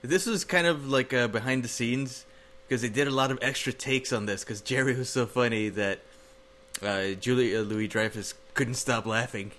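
A man co-hosting a relaxed chat, recounting a favorite moment between bursts of laughter. His voice sits at an ordinary male pitch over faint ambient noise. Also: moderate pace. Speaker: podcast co-host. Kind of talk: casual chat.

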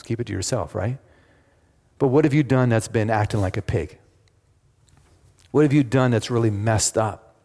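A man with a lowish, darkish voice preaches a sermon, drawing in the congregation with questions and emphatic retellings. Long hall reverb surrounds his voice.

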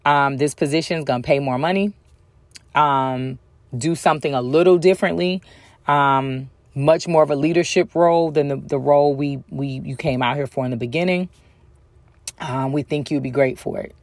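A woman's voice: sits low, normal speed, dry recording. Chatty storytelling woman, dry close sound. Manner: chatty, frequent ums, acts out other people's lines. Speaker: speaker telling a personal story. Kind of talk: casual storytelling talk.

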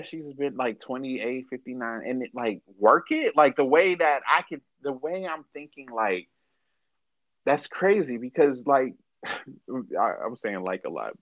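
An early-thirties podcast co-host chats casually in a mid-range voice, rambling with frequent restarts and self-corrections. The recording is dry and lo-fi.

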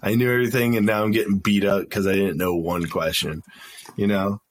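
A man's voice: on the low side, steady tone, fairly quick. A young man casually telling a profane, laughing story as a podcast guest.

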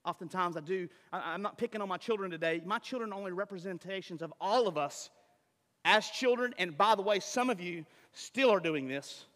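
Man pastor, lively sermon delivery with rhetorical questions; high, bright voice ringing in a hall. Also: fairly quick. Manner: animated preaching with rhetorical questions and impersonations.

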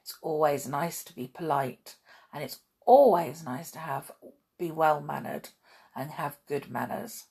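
A woman reading a children's story aloud in a gentle, chatty way, asking the listener questions. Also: sits low, a little slow, creaky, breathy edge.

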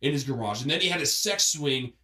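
A man on a podcast spins a wild story in a lively, swooping voice, swearing and laughing as he goes. He sits well back from the mic, and the room rings with echo around him. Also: medium pitch, fairly quick. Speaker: podcast guest. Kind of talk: casual storytelling chat. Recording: echoey room, far from mic.

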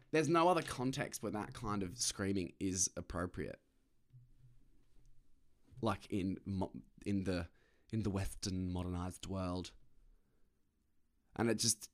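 A man rambles to camera in a loose solo monologue. He swears freely, pokes fun at himself, and breaks into laughs. His voice sits on the lower side. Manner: rambling, sweary, self-mocking, laughs often. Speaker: vlogger.

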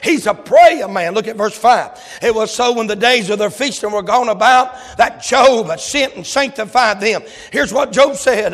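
A man preaching a fervent sermon, filling it with "uh" and "amen" and breaking into shouts. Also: high-pitched, normal speed, few pauses. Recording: long hall reverb.

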